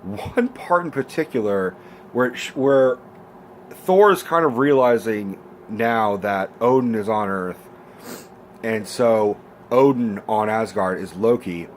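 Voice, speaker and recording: A man's voice: on the low side, slow, a little hiss or hum. A man giving a casual, rambling movie review rant, swearing freely and filling gaps with ums and likes. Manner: rambling and profane, full of fillers. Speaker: film reviewer.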